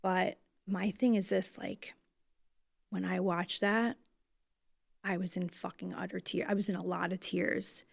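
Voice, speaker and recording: A woman's voice: fairly low pitch, flat delivery, a little slow, creaky, no room sound. A woman with a New Jersey accent talks on her podcast, holding back tears, frank and loose with her swearing. Her voice sinks at times to near whispers. The sound is dry and close. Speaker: podcast host. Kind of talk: emotional casual podcast talk.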